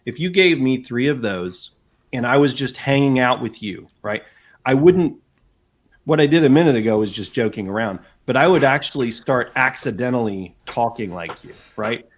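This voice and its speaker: A man, a guest telling animated anecdotes in a casual chat, with frequent asides. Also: medium pitch, normal speed. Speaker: guest author. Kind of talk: casual storytelling.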